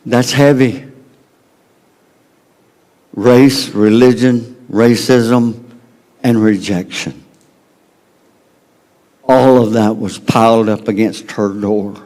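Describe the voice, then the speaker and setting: Slow, dramatic Southern preacher man. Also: fairly even intonation. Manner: dramatic, swings from loud emphasis to hushed low tones. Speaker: pastor. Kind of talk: sermon.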